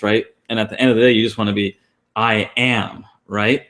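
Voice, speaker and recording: Man, low voice, online class co-host, casual, rambling with fillers. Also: fairly even intonation, normal speed, a bit bright. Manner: rambling, many fillers and restarts. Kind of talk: casual teaching talk. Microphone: online class call.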